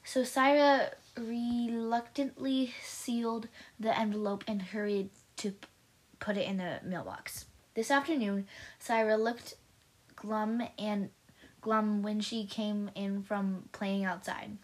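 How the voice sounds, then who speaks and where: A woman's voice: medium pitch, fairly even intonation, takes it slowly. A woman hosting a devotional show, reading a children's story aloud in an upbeat, chatty way, often stumbling and correcting herself. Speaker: host.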